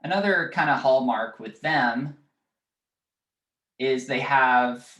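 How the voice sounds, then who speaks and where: A male biology teacher lectures at an unhurried pace, pausing on fillers and checking in with his class. The room is echoey, so his voice rings off the walls of the classroom. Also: mid-range voice, fairly bright tone. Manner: halting, with many fillers and checking questions.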